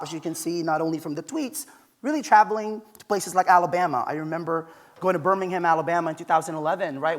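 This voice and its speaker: A man giving a conference keynote from a stage, telling personal stories in a conversational, emphatic way. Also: sits high. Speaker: keynote speaker.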